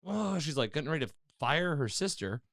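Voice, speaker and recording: A man's voice: mid-range voice, a little fast, no room sound. Man, podcast host, casual recap, acts out quotes, dry studio sound. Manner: animated retelling, acting out quoted lines.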